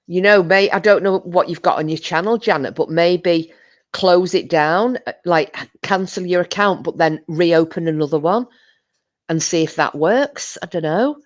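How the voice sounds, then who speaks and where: A British woman with a lowish voice chats casually on a livestream at a moderate pace, with the high frequencies cut off. As host, she reads out viewer comments and tells a rambling story, restarting often, in a British English accent.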